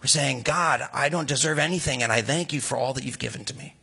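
A man preaching a sermon in a conversational, animated way, full of rhetorical questions. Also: mid-range voice, quick pace, creaky, husky. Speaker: pastor.

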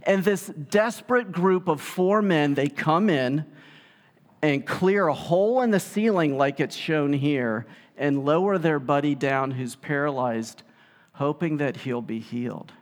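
A man preaching a sermon, telling the story in a lively way and acting out the quotes. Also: a little high, unhurried. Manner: animated storytelling, acts out quotes. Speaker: pastor. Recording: long hall reverb.

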